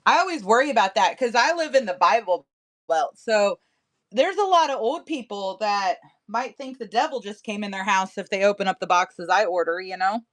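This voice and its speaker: A woman's voice: mid-range voice, expressive, moderate pace. A woman in her thirties selling crystals on a livestream, chatting casually and laughing often. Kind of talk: casual live-sale chat.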